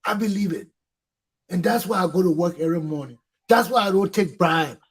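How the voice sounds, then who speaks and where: A man's voice: high-pitched, fairly quick, husky, poor audio. A middle-aged man with a Liberian English accent hosting a talk show, speaking in a fiery way, repeating points for emphasis and swearing. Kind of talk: impassioned talk show monologue.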